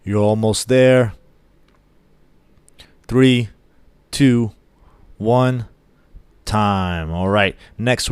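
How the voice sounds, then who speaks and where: Man, fitness coach voice-over, steady encouragement, lowish smooth voice, dry close recording. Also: no room sound.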